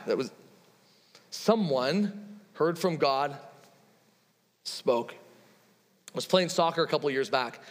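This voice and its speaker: A man in his thirties preaches to his congregation, slipping easily into personal anecdotes and acted-out conversations. His voice sits slightly high for a man. The sound carries the long reverb of a large hall. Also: a bit bright. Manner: conversational storytelling with laughs and quoted dialogue. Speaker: pastor. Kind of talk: sermon.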